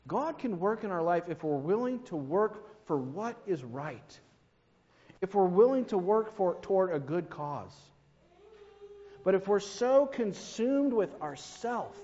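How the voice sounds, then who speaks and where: A man preaches a storytelling sermon in a church, building to emphatic peaks. His voice sits a little high and trails off in a long reverb. The recording is dull and lo-fi. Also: mellow.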